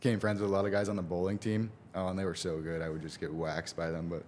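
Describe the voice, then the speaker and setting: Young man, college athlete guest, easygoing, hesitant, lowish voice, faint background noise. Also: little pitch movement, fast talker, a little mellow. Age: young adult. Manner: easygoing, hesitant, many fillers and restarts, laughs often. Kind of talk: casual interview answers.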